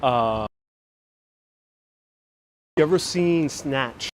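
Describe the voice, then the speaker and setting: A man's voice: medium pitch, drawn-out words. A man hosting a live-streamed walking vlog, chatting casually with lots of fillers, restarts and frequent laughs, speaking into a handheld phone outdoors. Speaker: travel vlogger host. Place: outdoors on city streets. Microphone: phone held in hand while live streaming.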